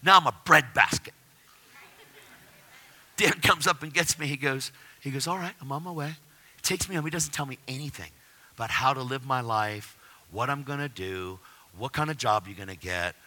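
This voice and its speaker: A man giving an animated personal faith testimony, telling his story with excitement. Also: mid-range voice, moderate pace. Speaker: testimony speaker.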